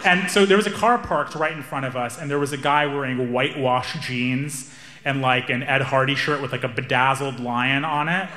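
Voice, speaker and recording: A young man doing stand-up, telling a story in an animated, wry, self-amused way. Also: medium pitch, moderate pace. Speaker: stand-up comedian.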